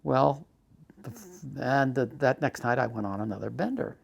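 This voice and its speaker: An older man recounts his own past in a documentary interview, his voice gravelly and full of fry. He speaks at an ordinary middle pitch, stumbling over restarts and growing more agitated as he goes. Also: lively intonation. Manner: recounts events with rising agitation and halting restarts. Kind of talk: personal storytelling.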